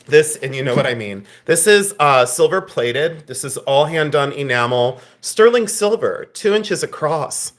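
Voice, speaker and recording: A man hosting a live-stream jewelry sale, with a voice pitched a little above the usual male range. He jokes and teases his viewers, laughs easily, and turns softly sincere toward friends. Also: expressive, a little slow, hardly any pauses. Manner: joking and teasing with chat, laughing often, then tender.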